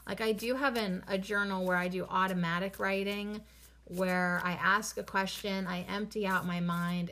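A young woman talking casually to her viewers about spiritual practice. She speaks very slowly and deliberately, often saying a phrase three times over, at a middling pitch. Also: a bit bright. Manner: slow, deliberate, repeats phrases three times with bursts of laughter. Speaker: spiritual card reader.

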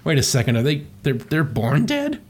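A man's voice: mid-range voice, wildly swooping pitch, moderate pace, husky. Rambling, profane man recapping a cartoon. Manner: rambling, profane, laughing often. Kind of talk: casual comedic recap.

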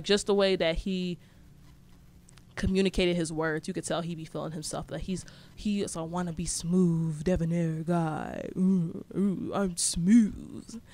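A young woman telling a story in casual, slangy speech, blunt and sarcastic. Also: on the low side.

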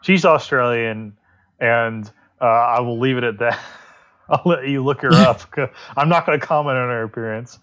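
A man's voice: mid-range voice, normal speed, fairly bright tone, highs cut off. A man co-hosting a podcast, rambling and sarcastic in casual political chat, swearing freely. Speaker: podcast co-host.

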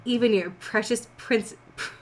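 A woman's voice: a little high, unhurried, close to an everyday voice. A woman putting on a sneering pony villain queen. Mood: gloating. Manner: teasing, gloating.

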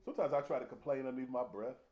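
A man's voice: mid-range voice, very fast, highs cut off. A man preaching a humorous, conversational sermon full of folksy slang and laughter. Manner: animated, jokey, laughs often, folksy slang.

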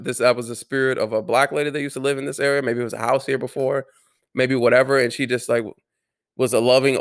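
Gravelly man telling a story haltingly. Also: medium pitch. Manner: earnest, halting, restarts words, swears. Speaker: vlogger. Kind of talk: casual personal storytelling.

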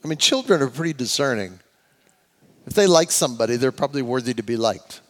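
An older man preaching a sermon, swinging between loud emphatic lines and soft conversational asides, and leading his congregation in repeating phrases. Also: mid-range voice, expressive, quick pace. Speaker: pastor. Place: church sanctuary. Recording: church hall with long reverb.

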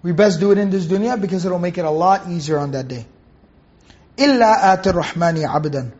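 A man with a high-pitched voice teaches a Quran commentary lesson. He patiently explains Arabic words and stops to correct himself mid-sentence. The recording sounds dull and lo-fi. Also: fast, warm tone.

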